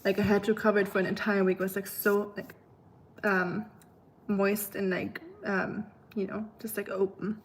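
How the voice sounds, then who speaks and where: A woman's voice: mid-range voice, flat delivery, normal speed. A woman live streamer chatting casually with her viewers, rambling and using lots of filler words. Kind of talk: casual livestream chat.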